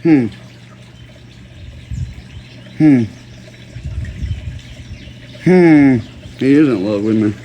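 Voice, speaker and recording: A man's voice: medium pitch, brisk, highs cut off, a little hiss or hum. A man hosting a livestream, delivering a heated, profane rant full of slang and repeated lines for emphasis. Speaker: livestream host.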